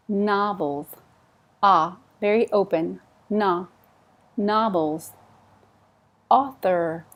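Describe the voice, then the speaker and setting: A woman teaching English pronunciation, repeating each word slowly and clearly and explaining how the sounds are made. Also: medium pitch. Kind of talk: slow, clear pronunciation drill.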